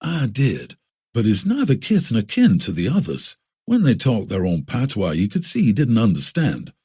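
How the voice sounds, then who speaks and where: A man's voice: fairly low pitch, huge pitch swings, moderate pace, a little mellow, slightly rough, exaggerated voice. A man voicing an inquisitive young newcomer on the northern trail. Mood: curious. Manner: inquisitive, eager questions.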